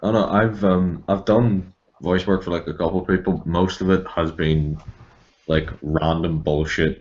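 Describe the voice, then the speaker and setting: Irish man, very low voice, profane and wry, casual chat over a dull lo-fi line. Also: steady tone, measured pace, a little mellow. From Ireland. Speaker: podcast guest, voice actor. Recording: dull lo-fi call audio.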